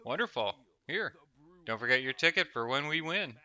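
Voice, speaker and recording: A man's voice: mid-range voice, animated, moderate pace, pushed and bright, dull audio. A man reading out a wheedling, fussy male pit bookie from game text in a lightly coaxing tone. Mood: eager.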